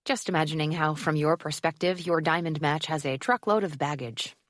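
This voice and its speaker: A woman's voice: deep voice, brisk, no room sound, studio quality, close to an everyday voice. A woman reading as a wry guarded young woman. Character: wry single mother, guarded and quick with humor.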